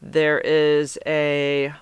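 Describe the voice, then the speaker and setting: A woman's voice: sits low, completely flat delivery, drawn-out words, smooth, no echo. A woman hosting a podcast, reading listener comments in a rambling, chatty way and correcting herself as she goes. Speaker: podcast host.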